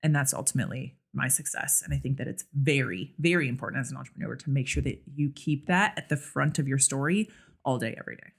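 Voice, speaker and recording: A woman's voice: extremely low pitch, fast, vocal fry, breathy edge. A woman guesting on a podcast, talking candidly and casually, with lots of fillers. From United States. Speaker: podcast guest, nurse practitioner and clinic owner. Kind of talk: casual interview chat.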